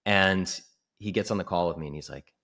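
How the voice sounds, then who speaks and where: This is a man with a notably deep voice, chatting as a guest on a podcast. He coaches people on health and talks in an animated, casual way, full of "like" and sudden acted-out quotes. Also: fairly quick.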